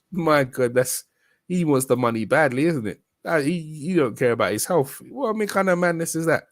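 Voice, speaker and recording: Man, livestream host, excitable, repetitive, dry mic. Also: fairly high pitch, moderate pace, no room sound. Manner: excitable, repeats himself, laughs often. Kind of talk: casual live-stream chat.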